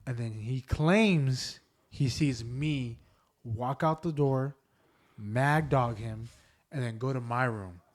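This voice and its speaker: Dude hosting a podcast, rambly ghost story telling, lots of likes and um's. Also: male voice, medium pitch, takes it slowly. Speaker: podcast host. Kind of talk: casual storytelling chat.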